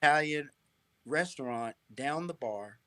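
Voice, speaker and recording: A middle-aged man, a guest on an interview show, telling stories in a lively way, restarting phrases and checking in with "right?". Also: fairly high pitch, unhurried. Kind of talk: casual interview storytelling.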